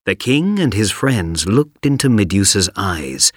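A man narrating a scripted story for a coursebook, clear and deliberate. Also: fairly low pitch, sing-song, no room sound, studio quality.

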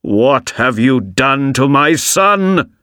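A man voicing a young prince in a storybook reading, speaking slowly and emphatically. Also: mid-range voice, expressive, fairly bright tone, no echo, clean studio sound. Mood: distraught. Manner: slow, raised, emphatic. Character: young handsome prince, bold then distraught.

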